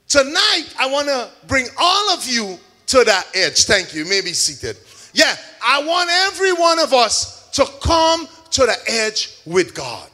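A man preaching a sermon to a congregation, shouting key words, drawing out call-and-response and mixing in chatty everyday examples. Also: extremely high pitch. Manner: homely store examples, chatty asides. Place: church service with a congregation.

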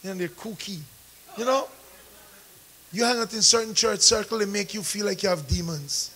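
A man preaching a sermon, calling out to the congregation and rising into shouts. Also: sits high, normal speed, husky, low-quality recording. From Caribbean. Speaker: pastor.

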